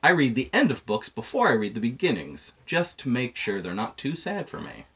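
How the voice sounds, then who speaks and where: A man voicing a timid, gentle hedgehog who speaks shyly and softly. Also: medium pitch, sing-song, moderate pace, husky, exaggerated voice.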